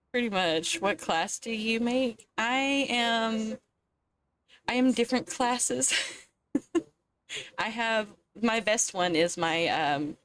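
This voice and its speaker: A woman's voice: on the high side, lively intonation, very slow, long pauses, fairly bright tone, a little hiss or hum. A woman from Southwest Virginia with a Southwest Virginian accent, chatting casually on a stream, swearing and laughing often.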